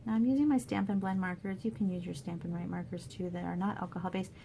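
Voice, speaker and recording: A woman demonstrating paper crafts in a casual tutorial, chatty and thinking aloud with soft asides under her breath. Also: fairly low pitch, steady tone, fast, creaky, a little hiss or hum.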